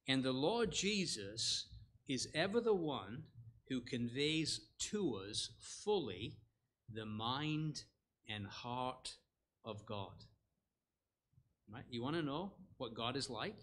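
A man teaching scripture to a church conference in a middle-pitched voice. He builds emphasis and then lets it drop, asks rhetorical questions of the listeners, and stumbles through fillers and self-corrections as he explains. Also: a bit bright. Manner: earnest, rising and falling emphasis, asks the audience rhetorical questions. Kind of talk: expository sermon. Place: church hall.

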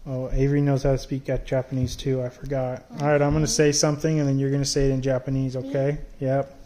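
Dad chatting with his kid at home, low-key and patient, kinda soft, bit of faint background hiss. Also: flat delivery, fast, poor audio. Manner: patient, soft-spoken and coaxing. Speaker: father quizzing his child. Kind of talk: casual home video chat.

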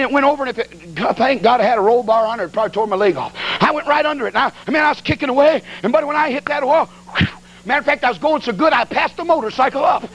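A man preaching a sermon as an evangelist, telling a funny story in a folksy, colloquial and excitable way. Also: very high-pitched, gravelly, a little hiss or hum.

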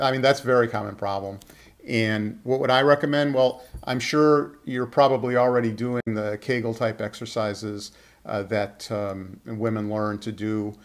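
A middle-aged man who speaks as a urologist, taking viewer questions in a relaxed interview. His voice sits at an ordinary pitch, and he is slow and careful, often stopping on "uh" and "um" to find his words. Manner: measured, hesitant, many fillers. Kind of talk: casual Q&A interview.

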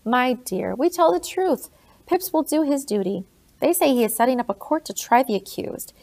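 A woman reading an audiobook, voicing a blunt, grave older colonial gentleman in her own plain voice. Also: sits high, animated, moderate pace, voice pushed up.

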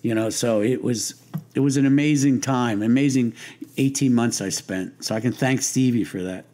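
A man's voice: medium pitch, moderate pace, mellow. An older man, a guest in an interview, telling stories in a loose, rambling way with restarts, fillers and wise-guy humor. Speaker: interview guest, lighting designer. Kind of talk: casual anecdotal storytelling.

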